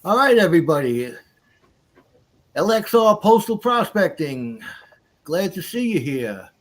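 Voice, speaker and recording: A relaxed man hosting a casual live chat, his voice sitting a little high. He talks through each small task as he does it, easygoing and chatty. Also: measured pace. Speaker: livestream host.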